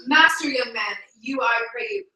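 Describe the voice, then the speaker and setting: Brief: woman doing an earnest old half-blind peasant dad, bright, echoey distant room. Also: sits high, very animated, normal speed, heavily acted. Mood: pleading. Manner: pleading, earnest. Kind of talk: live read-aloud of a play.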